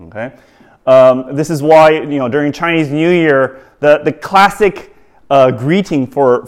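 A man preaching a sermon, halting, with many fillers and restarts and rhetorical questions to the audience. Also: a little high.

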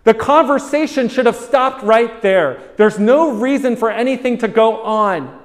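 Emphatic preacher in a big reverberant hall. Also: male voice, extremely high pitch, unhurried. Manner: preaching with emphatic rhetorical questions. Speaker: pastor. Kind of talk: sermon.

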